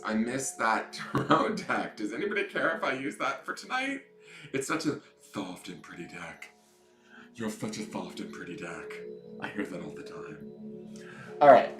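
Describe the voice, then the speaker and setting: A man's voice: medium pitch, pushed and bright, roomy sound. A man hosting a casual tarot live stream, chatting in a playful, campy way and greeting viewers by name. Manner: playful, campy, joking asides. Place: indoors at home.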